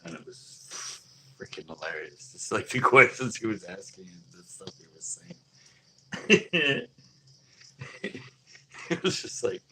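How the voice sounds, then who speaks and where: A man's voice: sits low, normal speed, pushed and bright, a little hiss or hum. A man hosting a live stream, telling a story in a rambling, loose way with frequent laughter. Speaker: fishing channel host.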